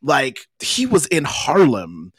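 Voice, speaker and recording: A man co-hosting a casual podcast, an animated storyteller who talks with lots of fillers. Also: mid-range voice, slow pace, slightly rough, no echo, studio quality. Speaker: podcast co-host. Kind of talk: casual chat.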